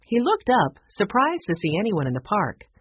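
An audiobook reader narrating a children's chapter book in an expressive, storytelling manner. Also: mid-range voice, normal speed, a little hiss or hum. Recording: muffled lo-fi audiobook recording.

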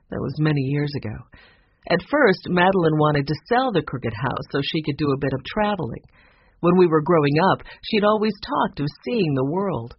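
A narrator voicing a kindly older housekeeper, gentle and worried, with a soft, fretful way of talking. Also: mid-range voice, slight background noise, natural voice. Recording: dull lo-fi recording.

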